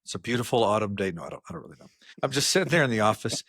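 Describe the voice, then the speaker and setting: A man co-hosting a podcast, telling workplace stories in casual chat and acting out the quotes with big jumps in pitch. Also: racing, husky, no room sound, studio quality. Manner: animated storyteller, acts out quotes with jumps in pitch. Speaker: podcast co-host.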